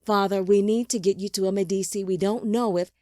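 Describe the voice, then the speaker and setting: A woman's voice: mid-range voice, fairly even intonation, measured pace, dark tone, no echo, studio quality, close to an everyday voice. A woman voicing an anxious young son who pleads urgently with his father. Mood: pleading.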